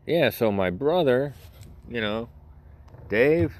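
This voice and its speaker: A man's voice: mid-range voice, animated, slow, heavy background noise. A middle-aged man hosting a solo podcast, rambling in a crude, sarcastic way and laughing at his own jokes. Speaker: podcast host.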